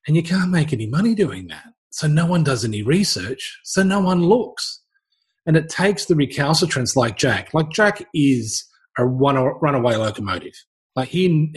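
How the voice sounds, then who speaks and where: A middle-aged man, speaking as a health researcher in a panel discussion, emphatic and impassioned, his voice rising sharply when he is stirred up. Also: mid-range voice.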